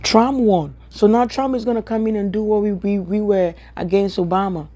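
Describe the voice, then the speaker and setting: Her voice is medium-pitched, steady and warm, moving at a moderate pace. A woman from Ghana with a Ghanaian accent, she works as a social media commentator and delivers an emphatic, repetitive rant of opinions directly to the camera.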